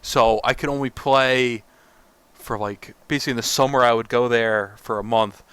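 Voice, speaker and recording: A young man co-hosting a podcast, chatting casually about games in a relaxed, rambling way. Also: mid-range voice, normal speed, clear, resonant tone, no echo. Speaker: podcast co-host. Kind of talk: casual gaming chat.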